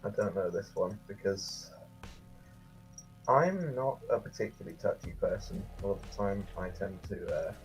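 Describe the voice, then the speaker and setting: A man's voice: sits low, normal speed, faint music behind, rough recording. A British man in casual group chat on a voice call, playful and fond of putting on silly accents. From Britain.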